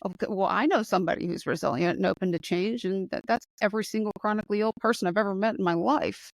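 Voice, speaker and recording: A woman's voice: fast, creaky, no echo. Enthusiastic American woman host, dry sound. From United States. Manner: enthusiastic, emphatic, rising pitch when excited. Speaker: podcast host. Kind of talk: conversational interview.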